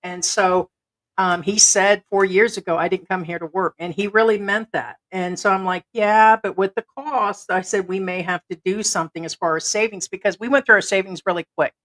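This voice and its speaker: A woman's voice: mid-range voice, fairly even intonation, normal speed, fairly bright tone, rough recording. A woman co-hosting a livestream, chatting casually and retelling stories with quoted back-and-forth dialogue. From United States. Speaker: livestream co-host.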